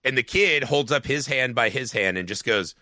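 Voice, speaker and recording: A man with a very bright, forceful voice co-hosts a casual film podcast. He recounts scenes with swearing and animated energy. The sound is close and dry. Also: medium pitch, normal speed, no echo. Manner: profane, animated scene retelling. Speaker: podcast co-host.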